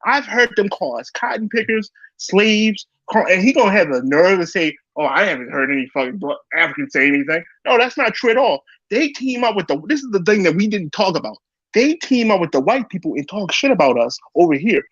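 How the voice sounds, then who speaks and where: Animated American man, high lively voice. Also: brisk, slightly rough, dry recording, muffled recording. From United States. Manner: blunt, profane, animated. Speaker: panelist. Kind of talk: heated panel discussion.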